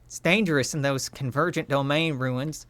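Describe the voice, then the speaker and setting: A man's voice: a little high, normal speed, a bit bright, no echo, natural voice. A man voicing a brash, bossy woman surveyor in a game, drawling with a put-on accent.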